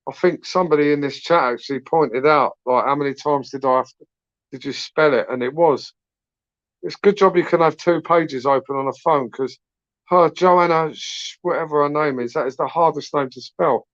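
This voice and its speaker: A man's voice: a little high, normal speed, fairly bright tone, no room sound, lo-fi sound. A British man hosting a late-night live stream, rambling casually, swearing and tagging questions onto his sentences. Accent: British English. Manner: rambling, slangy, swears freely, asks tag questions. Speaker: YouTube channel host.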